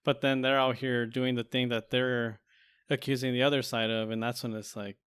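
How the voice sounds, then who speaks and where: Smooth-voiced man, dry sound. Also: mid-range voice, level tone, normal speed, a bit bright, dry recording. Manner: joking, sarcastic asides. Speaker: podcast co-host. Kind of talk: casual chat.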